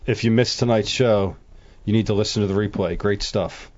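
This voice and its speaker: Man, co-host, wry, blunt, low voice, muffled audio. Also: steady tone, normal speed, darkish tone. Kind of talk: casual chat.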